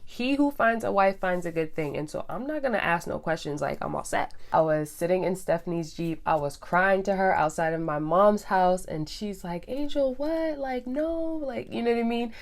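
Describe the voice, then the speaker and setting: A young woman telling her story in a chatty, animated way, with slangy asides to her viewers. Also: on the low side, normal speed, hardly any pauses. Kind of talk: casual storytelling to camera.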